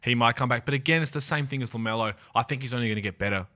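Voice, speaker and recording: A man's voice: mid-range voice, very fast, pushed and bright. A man co-hosting a basketball podcast, talking in an emphatic, opinionated way. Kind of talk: casual sports chat.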